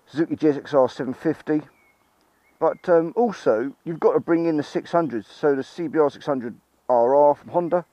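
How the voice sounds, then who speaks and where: A man giving a chatty, excitable ride-along review of a motorbike, swearing freely, talking into a helmet mic outdoors. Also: fairly high pitch, fairly quick, no room sound. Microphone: helmet-mounted mic. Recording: muffled, engine and road noise.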